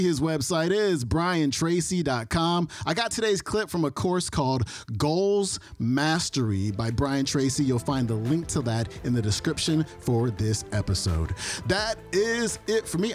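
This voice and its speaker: A man's voice: a little high, sing-song, unhurried. A man hosting a podcast, giving a breezy, casual sign-off. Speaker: podcast host. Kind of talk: casual outro. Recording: music bed underneath.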